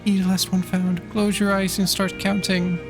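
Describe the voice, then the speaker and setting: A man reading out a video game character's lines in a high, eager little-kid voice as he plays. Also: moderate pace, music in the background. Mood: excited. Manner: pleading, bouncy, excited. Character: eager little kid begging to play hide and seek.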